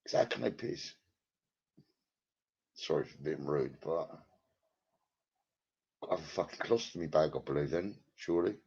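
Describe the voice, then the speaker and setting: His voice is a rumbling low, expressive and slightly mellow with a husky grain, at normal speed with long pauses. Chatting casually from home over a headset, he rambles profanely and crudely to his live-stream viewers, greeting and bantering with them by name, in a lo-fi, dull recording.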